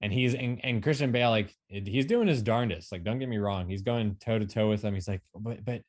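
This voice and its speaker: A man's voice: fairly low pitch, fairly quick. A man co-hosting a film talk show, rambling through a movie review in casual chat, full of fillers and restarts.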